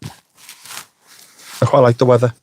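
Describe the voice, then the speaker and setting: A man's voice: mid-range voice, monotone, slow, a little mellow. A middle-aged man chatting casually on a livestream, joking and swearing freely as he answers the chat. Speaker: livestream host. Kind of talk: casual live-stream chat.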